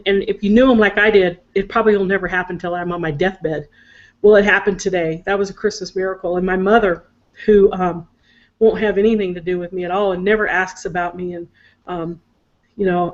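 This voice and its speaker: A woman's voice: lowish voice, highs cut off. An older woman telling a heartfelt family story in casual chat on a video call, emotional and talkative. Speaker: psychic show co-host.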